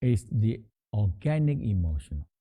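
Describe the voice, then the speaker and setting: A man guiding a meditation practice in a halting, repetitive teaching manner, often restating words as he explains. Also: lowish voice, very animated, dark tone, slightly rough. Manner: halting, repeats words, slow explanatory phrasing. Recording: tinny phone-like sound.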